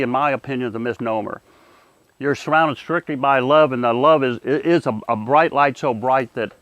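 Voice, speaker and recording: An older man speaks in a close, dry, quiet room, telling his personal story. He stumbles and repeats words, and his voice sinks low and soft at the moving parts. His pitch sits in an ordinary middle range. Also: dry recording. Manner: halting, repeats words when emotional; earnest, drops to a hushed voice at moving moments. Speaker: interviewee. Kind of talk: personal testimony.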